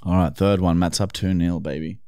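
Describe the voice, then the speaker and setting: A man's voice: deep voice, fairly even intonation, a little fast, dark tone, clean tone, no echo. A man hosting a comedy podcast, crude and joking as he runs a game. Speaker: podcast host. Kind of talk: casual comedy podcast banter.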